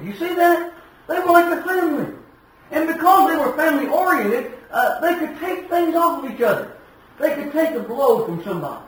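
Man, preacher, sermon, folksy stories, shouted emphasis, distant mic, very echoey. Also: high voice. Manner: folksy storytelling, alternating shouted emphasis and quiet asides.

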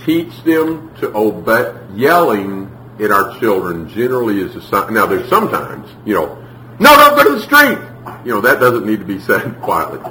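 A man preaching a sermon, telling lively stories and acting out the people in them. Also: fairly low pitch, a little hiss or hum. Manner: animated storytelling, acts out quotes. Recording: echoey room, from far off.

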